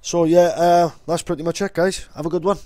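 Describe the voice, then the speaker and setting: A man's voice: on the high side, steady tone, brisk, warm tone, no echo. A young man chatting casually and rambling on, swearing now and then. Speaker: vlogger. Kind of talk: casual vlog talk.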